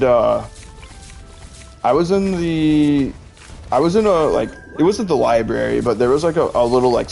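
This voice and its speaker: Young male streamer, rambling filler-heavy chat over faint game music, gravel in the voice. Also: medium pitch, a little mellow. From Illinois, USA. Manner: rambling, heavy use of "like", laughs often. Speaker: gaming streamer. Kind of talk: casual chat while gaming.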